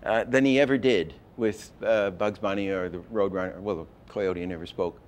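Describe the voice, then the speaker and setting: An older man teaching animation, telling stories in a lively way and acting out example lines, with many restarts. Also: low voice, moderate pace. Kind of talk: lecture with acted-out examples.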